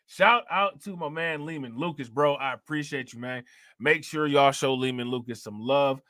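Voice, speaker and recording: Man, casual livestream host, slangy laid-back chat, bright voice, dry close sound. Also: medium pitch, normal speed, no room sound. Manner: laid-back slangy talk with frequent laughs. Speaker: crypto channel host. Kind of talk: casual livestream chat reading viewer comments.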